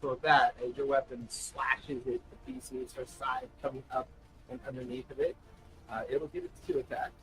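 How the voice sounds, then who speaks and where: A man's voice: mid-range voice, little pitch movement, moderate pace, faint music behind, rough recording. A man acting as game master, describing combat and asking for rolls in a casual, laughing way. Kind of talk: narrating a tabletop game.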